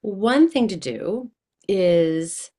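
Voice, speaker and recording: A woman guest on an interview show, talking in an animated, enthusiastic way and acting out the voices she quotes. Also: mid-range voice, drawn-out words, husky. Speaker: guest, coach. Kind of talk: casual interview chat.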